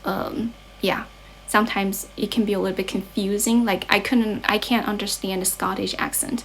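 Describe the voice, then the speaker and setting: A young woman who tutors English on a livestream, and whose first language is Chinese, chats casually as she reads viewers' comments and answers them, mixing English with Mandarin. Her gravelly voice is at an ordinary pitch, steady in tone and moderate in pace, and she often restarts sentences and corrects herself. A faint noise sits behind her.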